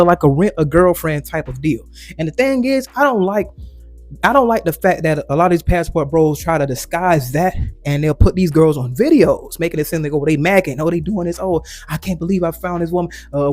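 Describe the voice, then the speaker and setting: A man's voice: fairly high pitch, darkish tone, dry recording. A man hosting his own channel, giving a casual opinion monologue that rambles with frequent restarts and quoted asides. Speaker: commentary channel host.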